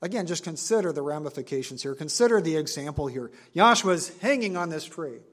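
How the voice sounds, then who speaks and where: Man preaching, earnest, emphatic repetition, slightly high-pitched voice. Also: expressive. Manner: earnest preaching with emphatic repeated phrases and slow stressed words. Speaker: pastor. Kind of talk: sermon.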